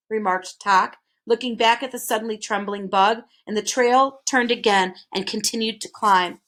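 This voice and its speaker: A woman reading a children's storybook aloud in an expressive way. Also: medium pitch, moderate pace, hardly any pauses. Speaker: reader.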